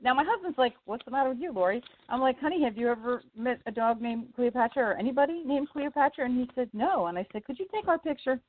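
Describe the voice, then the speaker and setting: A woman, a singer-songwriter guest, telling a personal story in lively casual chat, leaping up in pitch for quoted voices and laughing often. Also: quick pace, few pauses. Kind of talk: casual storytelling on a radio interview. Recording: tinny phone line, dry.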